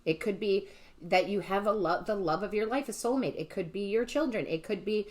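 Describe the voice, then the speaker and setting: This medium-pitched woman talks fairly quickly while giving her viewers a casual tarot reading. As a tarot reader and medium, she gushes enthusiastically, repeatedly asks "right?", and calls everyone "guys."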